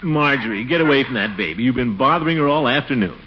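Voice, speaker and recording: Brief: a man doing a pompous, flustered middle-aged uncle, lively swooping delivery, 1940s radio comedy, dull hissy old recording. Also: fast talker, close to an everyday voice. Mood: fussy. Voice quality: blustery, with big swoops in pitch.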